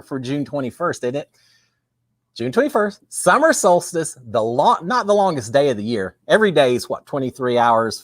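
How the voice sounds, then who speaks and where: A man's voice: mid-range voice, a bit bright, no echo, studio quality. A man with a Texan accent hosting a casual live-stream chat, folksy and chatty, greeting viewers and reading their comments. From Texas. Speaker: livestream host. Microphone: webcam with green screen.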